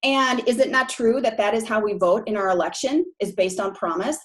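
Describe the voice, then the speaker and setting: A woman in her forties with a Minnesota accent and drawn-out long O's, speaking in a slightly high voice. She gives a live presentation to real estate agents in a frank, chatty way and keeps checking in with her audience. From Minneapolis, Minnesota, USA.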